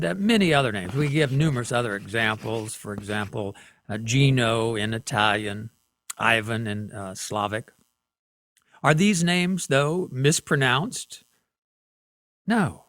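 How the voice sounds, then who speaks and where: A man teaching a class at a whiteboard, slow and deliberate, often checking in with the students. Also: medium pitch, a bit bright.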